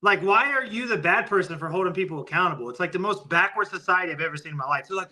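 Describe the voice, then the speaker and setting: A man's voice: sits high, very fast, hardly any pauses, bright, forceful tone, poor audio. A man hosting a podcast, ranting heatedly and profanely in casual conversation. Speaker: podcast host.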